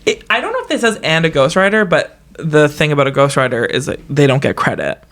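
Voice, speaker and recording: A young woman co-hosting a podcast in casual chat, excitable and rambling with restarts. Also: deep voice, fast. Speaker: podcast co-host.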